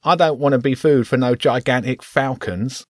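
A man's voice: medium pitch, normal speed, no echo, studio quality, voice pushed up, lightly acted. A man voicing a whiny, complaining rat in an audiobook, with slangy speech. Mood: whining. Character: whiny streetwise male rat.

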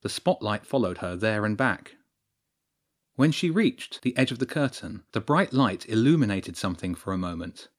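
A man narrating a story in a steady storytelling voice. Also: fairly low pitch, moderate pace. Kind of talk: scripted narration.

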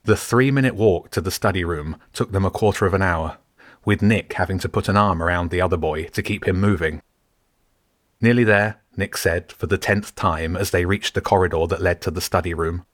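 A man reading a story aloud in steady, measured scripted narration. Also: low-pitched, no room sound, studio quality. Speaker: audiobook narrator.

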